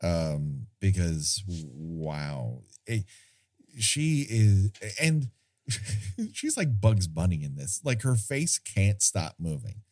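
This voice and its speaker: A man with a lowish voice talks through a movie in a slow, unhurried way. He rambles and corrects himself, pokes fun at himself and laughs easily, like a podcast co-host chatting with a friend. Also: sing-song, darkish tone. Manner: rambling, self-deprecating, laughs often. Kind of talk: casual film discussion.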